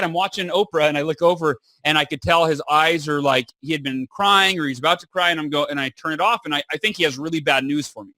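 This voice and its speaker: A man in his thirties, a podcast guest telling a personal story in an animated way and acting out the dialogue. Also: fairly high pitch, no room sound. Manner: animated, acts out quoted dialogue. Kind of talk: storytelling in an interview.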